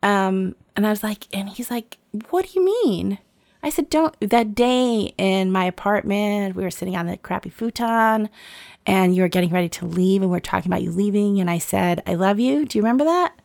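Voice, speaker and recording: Brisk and gravelly at medium pitch, a woman in her forties recounts a personal story in casual conversation. The studio-quality recording has no room sound, and she's an animated teller who acts out the dialogue and laughs frequently.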